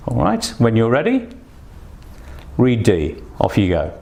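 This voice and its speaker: A man's voice: medium pitch, sing-song, unhurried, a little mellow. Man, online English teacher, patient, instructive, mid-range voice, filler-heavy delivery. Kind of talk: online exam-prep lesson.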